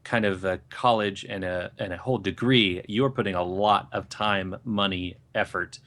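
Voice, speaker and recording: Low-voiced, rambling man podcast co-host. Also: normal speed, a bit bright. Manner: thoughtful, rambling, with many fillers and restarts. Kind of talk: casual podcast chat.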